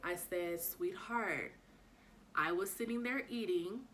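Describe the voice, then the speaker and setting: A young woman telling a storytime vlog, frank and swearing freely, acting out every bit of dialogue with big jumps in pitch. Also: slow, a little hiss or hum. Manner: animated retelling, acts out dialogue with pitch jumps.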